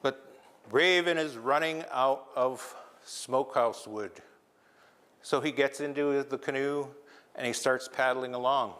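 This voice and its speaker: A man telling a traditional tale to a live audience in a lively, engaging way, with asides to the listeners. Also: medium pitch, unhurried, in a large hall. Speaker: traditional storyteller. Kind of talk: oral storytelling to a live audience. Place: lecture hall.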